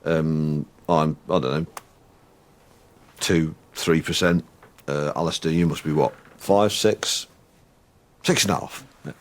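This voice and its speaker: An actor playing a blustering middle-aged Englishman in anger therapy, rambling and hesitant with crude asides. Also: low-pitched. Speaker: anger management group member. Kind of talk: sitcom acting.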